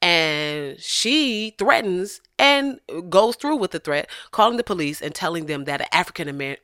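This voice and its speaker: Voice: medium pitch, expressive, normal speed, few pauses, pushed and bright, clear, resonant tone, no echo, studio quality. A vlogger ranting in blunt, profane commentary, speaking emphatically and swearing freely.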